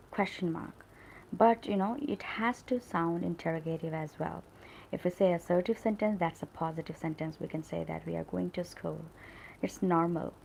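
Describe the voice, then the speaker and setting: A woman's voice: fairly low pitch, creaky, a little mellow, slight background noise, rough recording. A woman teaching English grammar in a live stream. She explains step by step, keeps asking "right?", and acts out example sentences with emphasis.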